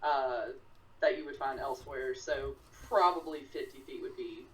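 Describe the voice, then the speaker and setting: A woman joining a tabletop game and explaining things in a measured way. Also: a bass voice, distant mic, rough recording. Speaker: player.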